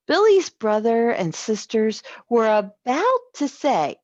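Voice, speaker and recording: A woman reading a children's story aloud, slow and expressive. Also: a little high, dry recording, muffled recording. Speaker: story reader.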